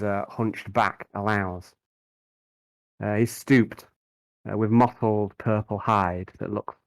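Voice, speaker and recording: Gravelly low-voiced man game master. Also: dry recording, low-quality recording. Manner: descriptive, halting with fillers. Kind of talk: narrating a tabletop game.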